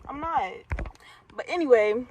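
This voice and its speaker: A woman's voice: high-pitched, lively intonation, a little slow, a little mellow, rough recording. A young woman from the US Midwest telling a storytime in a blunt, profane, laid-back way with lots of fillers. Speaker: vlogger. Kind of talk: casual storytime.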